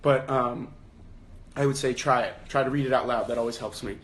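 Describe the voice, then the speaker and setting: A young man hosting a casual livestream book club from his phone. He thinks out loud with many restarts and fillers, and raises his voice when he quotes lines. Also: medium pitch, steady tone, brisk.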